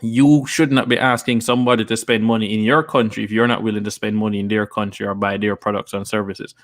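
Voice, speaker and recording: A man's voice: lowish voice, little pitch movement, fast talker. Male host, live stream chat, earnest and persuasive, repeats himself as he builds a point. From Jamaica. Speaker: host and investor. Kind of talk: live stream talk reading viewer comments.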